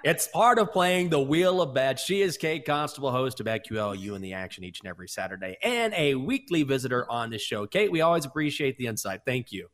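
Fast-talking upbeat male host. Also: medium pitch, expressive, a bit bright. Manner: quick, upbeat sign-off patter. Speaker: podcast host. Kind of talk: casual sports betting chat.

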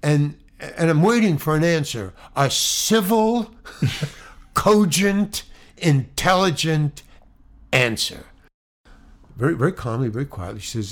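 A man, an actor, telling an anecdote in an animated, halting way, full of restarts, swinging between loud bursts and hushed asides. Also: medium pitch. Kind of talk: anecdotal storytelling.

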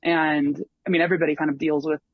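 A man's voice: on the high side, flat delivery, fast. A man telling of his long hike in a casual interview, rambling with many ums and restarts. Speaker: long-distance hiker guest. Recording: dull lo-fi dry sound.

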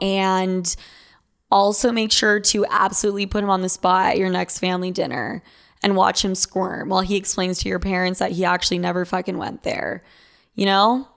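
A woman's voice: medium pitch, vocal fry. A young woman who hosts an advice podcast, talking casually in a blunt, profane Valley girl way as she reads listener letters and answers them.

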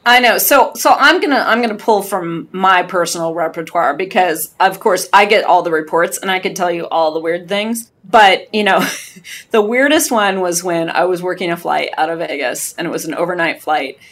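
A woman, a flight attendant union leader, telling a lively story as a podcast guest. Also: fairly low pitch, normal speed. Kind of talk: casual storytelling.

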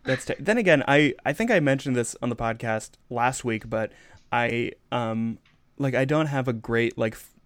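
A man's voice: medium pitch, moderate pace, dry recording. A man co-hosting a podcast in casual chat, rambling and restarting, joking as he goes. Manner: rambling, self-interrupting, joking. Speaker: podcast co-host.

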